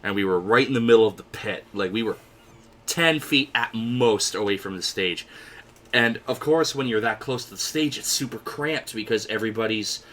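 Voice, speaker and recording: Young male podcast co-host, low but bright tone, animated storyteller, faint hiss behind. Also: normal speed. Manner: animated storyteller, acts out quoted voices. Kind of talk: casual storytelling chat.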